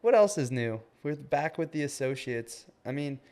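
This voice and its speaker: His voice runs on the high side, animated with a darkish tone, at a normal speed. He's a podcast co-host in his twenties, chatting casually and rambling loosely with lots of "like" and "man."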